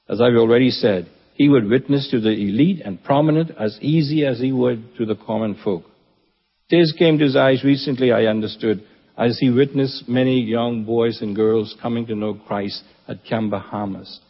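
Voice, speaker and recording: A man giving a funeral eulogy at his church, earnest and reverent with touches of gentle humor. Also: mid-range voice, normal speed, breathy edge. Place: church assembly hall. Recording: dull, echoey church hall recording.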